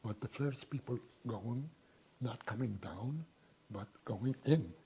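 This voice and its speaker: A man in his nineties being interviewed, recalling his past in a halting way with repeated words. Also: medium pitch, dark tone, a little hiss or hum. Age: 90s. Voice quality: very husky voice. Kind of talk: oral history interview.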